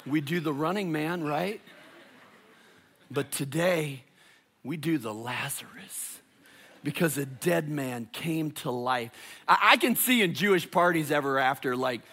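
A man preaching a sermon as pastor, delivering it dramatically, dropping to hushed tones and rising to loud calls. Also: fairly high pitch, lively intonation, slow pace, pauses often.

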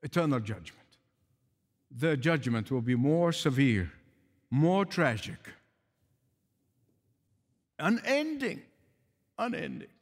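A man's voice: mid-range voice, lively intonation, unhurried, pauses often, big-room sound. A man preaching a sermon in an emphatic, pleading way, repeating key phrases for weight. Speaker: pastor.

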